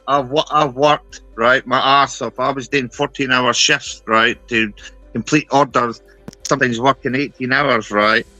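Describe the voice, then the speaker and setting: A man in his thirties holds forth in casual chat with a bright, forceful voice. He is blunt and sweary and keeps checking in with "right?". Faint music plays underneath. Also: medium pitch, dry recording, low-quality recording. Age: 30s. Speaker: guest on live stream.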